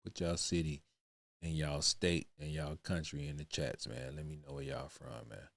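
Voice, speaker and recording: A man's voice: extremely low pitch, steady tone, normal speed, creaky, a bit bright, no room sound. A man hosting a casual livestream, talking bluntly and profanely and tacking "man" onto nearly every phrase. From United States. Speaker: livestream reaction host.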